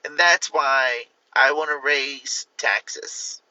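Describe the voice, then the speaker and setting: A man's voice: mid-range voice, steady tone, drawn-out words, sharp tone, no echo, dull audio, heavily acted. A man mimicking a rambling woman politician. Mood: solemn. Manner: earnest, rambling speech cadence. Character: middle-aged woman politician giving a stump speech. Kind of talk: comic impression on a livestream.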